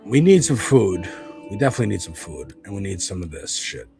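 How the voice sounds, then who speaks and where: A man chats through a video game as he plays, rambling, loose and now and then swearing. His pitch rises and falls freely, and game music plays faintly underneath. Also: sing-song, a little fast, creaky. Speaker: streamer playing a video game. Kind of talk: casual gameplay commentary.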